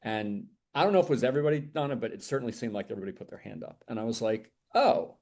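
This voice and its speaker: Fast-talking animated man telling stories. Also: fairly low pitch. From United States. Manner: animated, acts out quoted dialogue. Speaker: podcast guest, entrepreneur. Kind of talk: storytelling in a casual interview.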